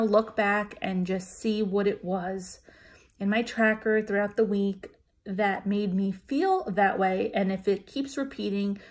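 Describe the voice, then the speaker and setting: A woman vlogger telling a personal story to camera in a chatty, emotional way, full of fillers and restarts. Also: medium pitch. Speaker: vlogger sharing a weight-loss weigh-in.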